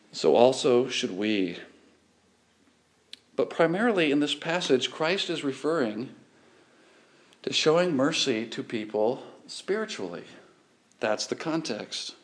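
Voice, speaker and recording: A pastor, preaching an earnest, measured sermon and reading scripture aloud. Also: male voice, medium pitch, lively intonation.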